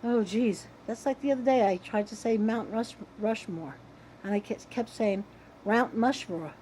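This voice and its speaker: Chatty older woman, mellow voice. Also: fairly high pitch, moderate pace, a little hiss or hum, rough recording. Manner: rambling, chatty, with restarts and tangents. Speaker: vlogger. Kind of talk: casual chat to camera.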